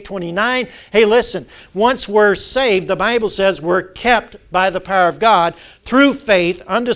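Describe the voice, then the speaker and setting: High-voiced preacher, call-and-response. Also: male voice, a bit bright, smooth. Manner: preaching, emphatic, drawing out key words. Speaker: pastor. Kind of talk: sermon.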